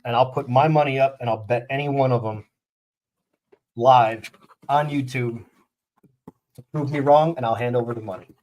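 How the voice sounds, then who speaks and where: A man's voice: medium pitch, steady tone, normal speed, long pauses, darkish tone. Brief: man in a mid-range voice, blunt and fired up, casual live-stream host who rants.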